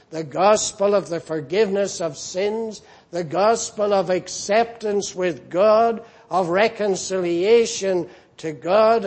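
A man preaching a sermon in a slow, measured way, rising in emphasis on key phrases. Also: high voice, darkish tone.

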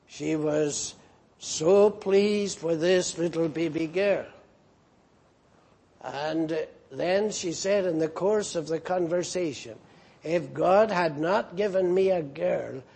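A man preaching a sermon as a minister, moving between emphatic rises and quiet, drawn-out questions. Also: a little high, vocal fry, slightly rough.

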